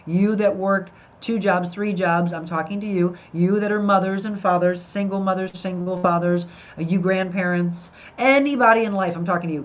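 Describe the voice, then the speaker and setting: A middle-aged woman hosting a podcast, chatting upbeat and talking straight to her listeners. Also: medium pitch. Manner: upbeat, addresses listeners directly. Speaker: podcast host. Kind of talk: live podcast chat with viewers. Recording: dull lo-fi sound.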